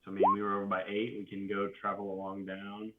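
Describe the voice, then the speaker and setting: A man's voice: lowish voice, completely flat delivery, quick pace, very noisy. A man playing a tabletop game, talking hesitantly with many fillers. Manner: hesitant, lots of uh and um. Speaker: player. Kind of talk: casual game chat. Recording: tinny phone-like call audio.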